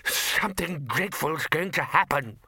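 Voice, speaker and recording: Brief: man playing a jittery, dazed wizard for an audiobook, bright and tense. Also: medium pitch, very animated, measured pace, no room sound, studio quality, heavily acted. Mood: panicked. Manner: groggy then alarmed. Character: dazed, panicky male wizard bursar.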